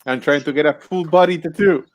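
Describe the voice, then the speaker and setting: A man playing a tabletop game, chatting in a relaxed, chuckling way. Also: on the high side, a little fast, dull audio. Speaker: player. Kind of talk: casual tabletop game chat.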